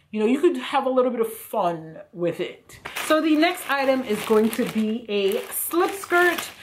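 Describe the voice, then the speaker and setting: A woman vlogging a casual clothing try-on haul, chatty and full of fillers, her voice a little hoarse and croaky. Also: a little high. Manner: chatty, lots of fillers like "you know" and "like". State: slightly hoarse, croaky throat. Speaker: fashion vlogger.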